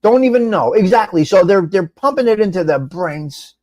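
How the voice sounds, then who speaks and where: A high-voiced, middle-aged man rambles through a casual live chat on a webcam mic. His pitch swings widely as he calls out viewers by name and drops the odd curse. The sound is dry and close. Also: normal speed, no room sound. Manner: animated, rambling, swears, addresses chat by name. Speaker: live show host.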